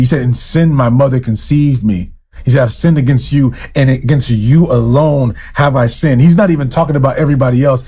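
A male pastor delivers a sermon in a husky, mellow voice. He preaches fervently and talks straight to his listeners, stacking up rhetorical questions to press his point. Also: medium pitch. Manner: admits to ranting, addresses listeners directly.

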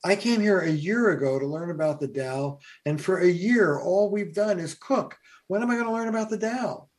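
A man's voice: high voice, moderate pace, pitched above the performer's own voice, natural voice. A man voicing a frustrated young student who complains to his teacher. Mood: exasperated. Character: frustrated young male student, impatient and whiny.

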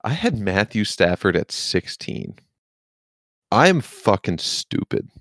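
A man's voice: fairly low pitch, very animated, slow pace, a bit bright, no echo. A man co-hosting a casual sports podcast, rambling and swearing casually, with a self-deprecating streak and the hiccups. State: has the hiccups. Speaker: podcast co-host.

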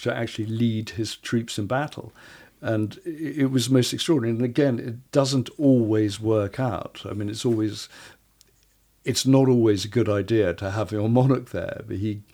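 A man's voice: medium pitch, dark tone. A man telling history stories in a casual podcast conversation, often stumbling and restarting his phrases. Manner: stammering restarts, storytelling.

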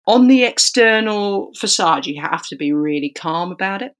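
A woman, a rugby referee, telling a podcast anecdote in an animated way and acting out the dialogue. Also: on the low side, moderate pace, hardly any pauses.

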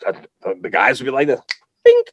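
A man co-hosting a podcast in casual comedic chat, playful and animated, often acting out little voices. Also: mid-range voice, brisk, no room sound, highs cut off. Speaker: podcast co-host.

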